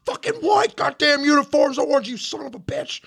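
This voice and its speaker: A man's voice: extremely high pitch, sing-song, normal speed, creaky, fairly bright tone, voice pushed up, exaggerated voice. A man voicing a furious military officer who screams profanity at a private during a tabletop game. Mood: screaming rage. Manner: screaming nonstop profanity, drill-sergeant style. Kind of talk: tabletop role-play in character.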